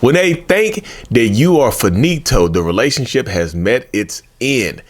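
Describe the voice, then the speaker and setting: Seated at home in front of a tripod camera, a YouTube host talks directly to the camera about narcissism, holding a handheld mic. He's colloquial and animated, repeating phrases and tossing in folksy asides, in a medium-pitched voice that runs a little slow.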